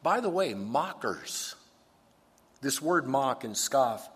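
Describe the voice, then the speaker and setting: A man preaching a sermon with energy, his voice sitting in a middle pitch. He sometimes slips into whiny complaining voices to make a point. The sound carries a long reverb, as if recorded in a large hall. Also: takes it slowly, slightly rough. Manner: animated, acts out complaining voices. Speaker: pastor.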